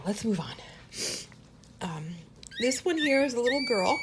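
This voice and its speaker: A woman's voice: very animated, unhurried, heavy background noise. A woman dog breeder giving an earnest, emotional home update on her puppies. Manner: earnest and emotional, talks to the puppies in a high sing-song. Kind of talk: casual update to camera.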